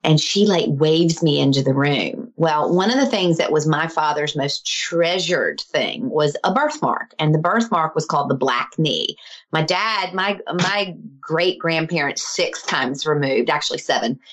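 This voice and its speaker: This low, somewhat unhurried voice belongs to a middle-aged healer. Telling a story from her own life with earnest animation, she performs the voices of everyone in it.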